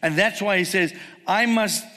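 Male preacher, high bright voice, emphatic sermon delivery with rhetorical questions; reverberant church hall. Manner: emphatic, rhetorical questions, slows words for stress.

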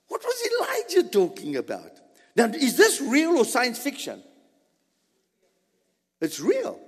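Male preacher, sermon delivery, high and very lively pitch, unhurried, long hall reverb. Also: slightly rough. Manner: animated, rhetorical questions to the congregation.

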